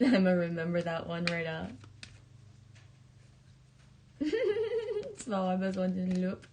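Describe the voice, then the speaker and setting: A woman's voice: on the low side, steady tone, moderate pace, dark tone, slight background noise. A woman live streamer chatting casually, laughing often as she greets viewers and pulls oracle cards.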